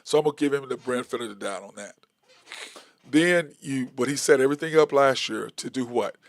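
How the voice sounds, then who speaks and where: Gravelly, rambling sports talk host man. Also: medium pitch, a little fast, dry recording. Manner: rambling, self-correcting, counts stats aloud. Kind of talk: casual sports opinion monologue.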